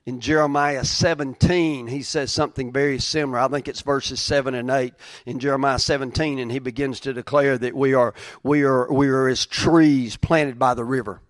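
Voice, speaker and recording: A man preaching a sermon, moving from quiet reflective reading to raised, emphatic preaching. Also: medium pitch, steady tone, moderate pace, hardly any pauses, no room sound. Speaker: pastor.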